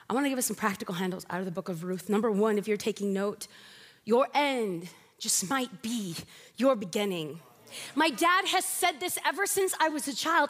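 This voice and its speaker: A woman preacher with a high voice delivers a sermon full of animated, humorous storytelling. She speaks from a church stage, and a long hall reverb trails her words. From Mexican and Puerto Rican family.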